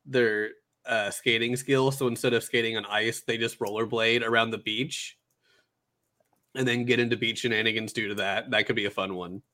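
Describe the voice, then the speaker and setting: A man's voice: mid-range voice, normal speed. Regular guy voice, laid back, rambles with lots of likes and ums. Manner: relaxed, agreeable, rambling with fillers. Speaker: co-host brainstorming an anime. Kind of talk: casual chat.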